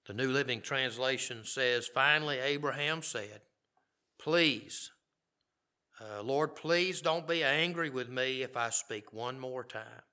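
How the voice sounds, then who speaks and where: A man's voice: mid-range voice, slow, bright, forceful tone. A middle-aged man preaching a sermon, reading scripture aloud and commenting on it in a conversational way. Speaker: pastor.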